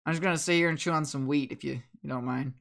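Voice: medium pitch, fairly even intonation, fast talker, vocal fry, a bit bright. Game master doing a laid-back grunt. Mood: easygoing.

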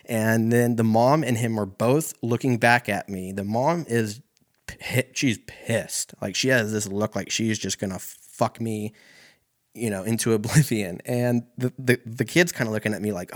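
A man's voice: mid-range voice, normal speed. A man hosting a podcast, telling a rambling story in casual talk, swearing often and correcting himself as he goes. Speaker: podcast host.

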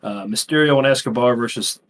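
A man's voice: mid-range voice, fairly quick, a bit bright. A man co-hosting a casual podcast chat, telling stories in a rambling, profane way with lots of fillers. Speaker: podcast co-host.

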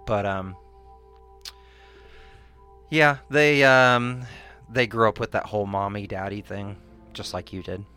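Low-voiced rambling podcast co-host. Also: steady tone, slow, long pauses, pushed and bright, smooth, soft background music. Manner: rambling, with many fillers and restarts; acts out quoted people in higher voices. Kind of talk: casual chat.

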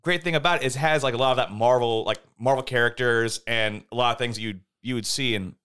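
A man's voice: medium pitch, fast, a bit bright, clean tone. A man in casual chat, rambling with many restarts and laughing as he recalls a show.

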